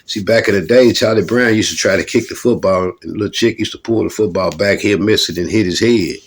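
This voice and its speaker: Man, middle-aged, very deep voice, husky, rambling profane storytelling. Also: brisk. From Louisville, Kentucky. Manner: loose, rambling, profane, keeps calling the listener "man". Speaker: rapper telling his stories. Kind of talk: casual profane storytelling monologue.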